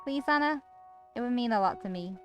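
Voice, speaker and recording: A woman's voice: a little high, expressive, a little fast, a bit bright, soft background music, pitched above the performer's own voice. A woman reading the part of a troubled young man with lost memories, hesitant and uneasy as she narrates in his first person. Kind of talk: reading a visual novel aloud.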